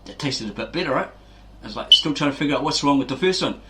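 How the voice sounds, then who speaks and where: A man's voice: medium pitch, lively intonation, fast, pushed and bright, slight background noise. A middle-aged man hosting a fitness video, telling rambling casual stories and acting out quoted voices, with frequent "right?" tags.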